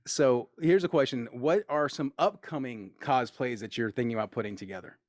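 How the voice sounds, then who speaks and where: Animated male host, mid-pitch, dry sound, jumps into voicing people in his stories. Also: normal speed, no echo. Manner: excitable storyteller, acts out quotes, laughs often. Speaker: interviewer. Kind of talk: casual interview chat.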